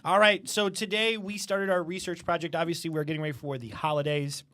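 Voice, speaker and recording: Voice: mid-range voice, fairly even intonation, fairly quick, fairly bright tone. A teacher hosting a school podcast in casual chat, patiently asking children questions and steering them back on topic. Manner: explains and asks follow-up questions.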